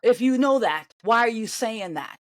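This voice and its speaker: This vlogger reacting to an interview rants at the screen with sharp, indignant sarcasm, in reaction commentary at a normal speed. Her animated voice leaps from loud outbursts down to low mutters. The recording is dry, without room echo.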